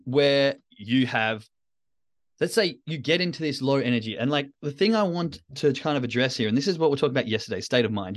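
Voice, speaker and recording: A man in a casual motivational talk, addressing his audience directly in a candid, coaching way. His voice sits at an ordinary middle pitch for a man. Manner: candid, coaching, speaks straight to listeners. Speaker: podcast host.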